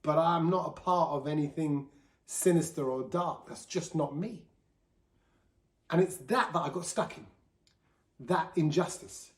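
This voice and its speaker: With a slightly high voice, a measured pace, and frequent pauses, a man hosts a solo podcast in an echoey room. He speaks openly and casually about himself, chatty and laughing, slipping into the voices of people he quotes.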